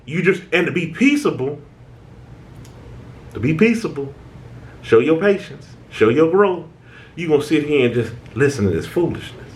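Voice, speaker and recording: Slightly high and very animated, his voice moves at a moderate pace as he hosts a self-help talk for his channel. He sermonizes in a chatty, informal American way, frequently restarting with a stammer and asking "right?"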